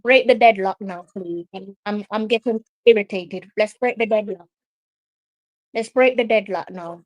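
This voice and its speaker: A woman with a Jamaican accent hosting a live football watch-along, excitable and argumentative, often repeating her complaints at the officials. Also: mid-range voice, normal speed. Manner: excitable, argues with the referee, repeats herself.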